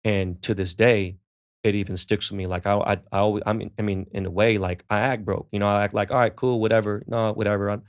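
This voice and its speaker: A middle-aged man with a low, gravelly voice, spinning profane stories as a podcast guest. He slips into the people he quotes as he talks, keeping it loose and laid-back throughout. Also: level tone, fairly quick. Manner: profane, laid-back storyteller who acts out quoted dialogue. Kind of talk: casual storytelling in a podcast interview.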